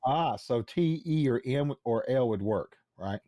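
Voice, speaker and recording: A man's voice: medium pitch, animated, unhurried, a crowd in the background. A man playing a tabletop game, easygoing and asking about the rules. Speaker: player. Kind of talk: casual tabletop play.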